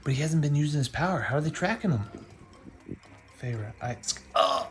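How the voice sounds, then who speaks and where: A man's voice: fairly high pitch, animated, moderate pace, soft background music. A man casually reacting to a fantasy romance novel he is reading, joking and laughing a lot. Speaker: book reviewer, reader.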